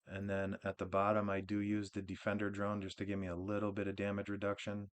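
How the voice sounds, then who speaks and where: Male gaming host, low voice, relaxed rambling walkthrough, off-the-cuff delivery. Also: fast talker. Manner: relaxed, rambling, with frequent restarts and fillers. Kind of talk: casual game build walkthrough.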